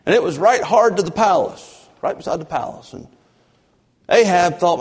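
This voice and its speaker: A man's voice: animated, slightly rough. Fervent male preacher in echoing church. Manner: fervent, swinging between loud emphasis and low, drawn-out delivery. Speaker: pastor. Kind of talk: sermon. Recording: long church reverb.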